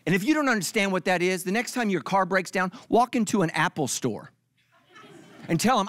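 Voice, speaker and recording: A man's voice: sits high, lively intonation, moderate pace, fairly bright tone, no echo. A middle-aged male pastor giving a comedic sermon, acting out other people's lines for laughs.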